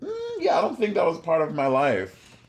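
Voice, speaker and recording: A man's voice: on the high side, huge pitch swings, normal speed. A young man co-hosting a podcast in casual chat, teasing his co-host and swearing freely.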